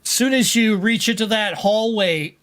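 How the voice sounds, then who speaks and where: A man running a tabletop game as game master, narrating the action in an unhurried way and adding sound effects. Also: sits high, a bit bright.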